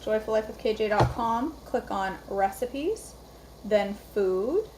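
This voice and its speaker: A woman's voice: mid-range voice, expressive, slow, background noise. A woman hosting a live cooking stream, chatty and rambling, greeting viewers by name from her home kitchen. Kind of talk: casual live-stream chat.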